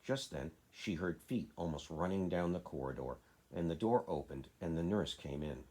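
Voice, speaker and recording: A man, a father, reading a children's classic aloud in a steady, plain way. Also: deep voice, normal speed. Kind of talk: storybook reading.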